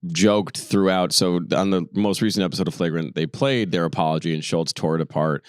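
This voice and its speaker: A man's voice: low voice, a little fast, dry recording, studio quality. A man co-hosting a podcast, recounting events in a laid-back, jokey way. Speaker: podcast co-host. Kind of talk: casual podcast chat.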